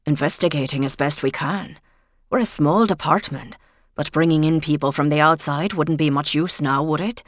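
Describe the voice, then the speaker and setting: A calm, patient village policeman, as a woman narrator puts him on, measured and apologetic. His voice stays low and dry. It is a storybook scene read aloud. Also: no room sound.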